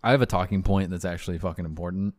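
A man's voice: sits low, very fast, dry recording. A young man co-hosting a casual podcast, laid-back with dry humor and casual swearing. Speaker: podcast co-host. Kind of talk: casual chat.

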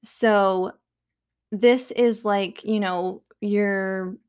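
A young woman talks at home in a loose, chatty self-help monologue. Her pitch sits in an ordinary middle range. She leans on fillers and lets soft little laughs slip between her thoughts. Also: fairly even intonation, drawn-out words, clean tone. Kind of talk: casual monologue.

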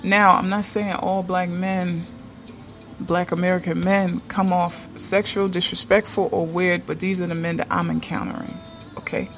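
A woman's voice: on the low side, flat delivery, moderate pace. A woman talking casually to her viewers in a vlog, chatty and emphatic, often checking in with "okay?". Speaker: vlogger.

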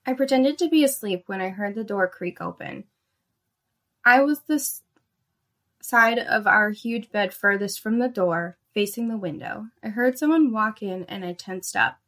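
Young woman reading a spicy story, dry fed-up tone, mid pitch. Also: normal speed, a bit bright.

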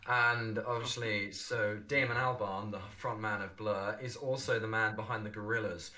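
A man's voice: on the low side, steady tone, moderate pace, sharp tone. A man co-hosting a casual podcast, explaining his music pick with enthusiasm. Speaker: podcast co-host. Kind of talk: casual chat.

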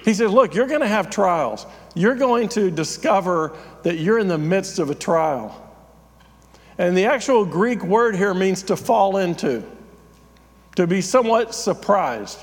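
A man's voice: high-pitched, lively intonation, unhurried, big-room sound. A man, a pastor, giving a conversational, self-deprecating sermon with frequent fillers.

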